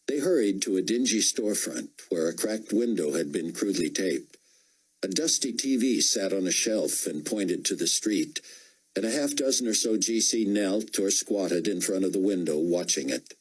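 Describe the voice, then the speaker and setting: A man narrating a novel as an audiobook, with measured storytelling. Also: sits low, expressive, husky, rough recording. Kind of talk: scripted narration.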